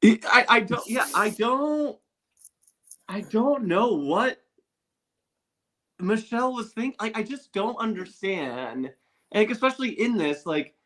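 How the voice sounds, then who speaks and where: Lively bright-voiced man. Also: sits high. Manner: animated, quick, fillers. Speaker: podcast guest. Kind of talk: casual chat.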